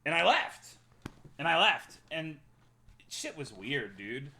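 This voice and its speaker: A man streaming live, recounting an awkward past episode in a loose, swear-heavy ramble. His voice sits a little high and rings sharp and bright. He jumps from loud outbursts back down to low asides. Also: sing-song, takes it slowly, a little hiss or hum. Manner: profane, rambling anecdote with big swings in loudness. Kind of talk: casual storytelling to a live chat.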